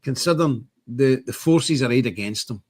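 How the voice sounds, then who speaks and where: Older man with a husky voice. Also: medium pitch, moderate pace. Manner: rambling, emphatic, reads viewer comments aloud. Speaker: show host. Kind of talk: casual political commentary livestream.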